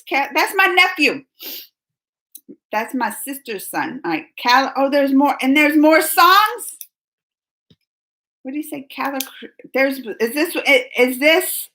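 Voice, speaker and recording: Woman host, casual live-chat reader, giggly and chatty, high bright voice. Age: adult under 45. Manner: chatty, giggly, reads comments aloud. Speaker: reaction channel host reading live chat.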